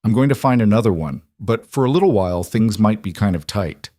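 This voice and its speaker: Tired single dad, low and gentle, read by the male narrator. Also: lively intonation, fairly quick, no room sound, clean studio sound, natural voice. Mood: tender. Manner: gentle and quietly reassuring. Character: tired, struggling single father.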